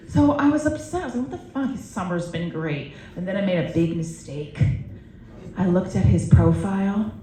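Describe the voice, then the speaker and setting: A woman in her forties doing a stand-up set, telling stories in a brash, profane, animated way on a comedy club stage. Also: mid-range voice, a little hiss or hum. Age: 40s. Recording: roomy live club sound.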